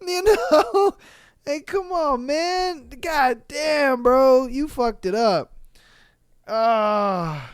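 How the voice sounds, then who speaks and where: A man hosting a podcast, reading listener stories aloud and reacting with animated, slangy, profane rants. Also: very high voice, extremely slow, no room sound, studio quality. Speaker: podcast host.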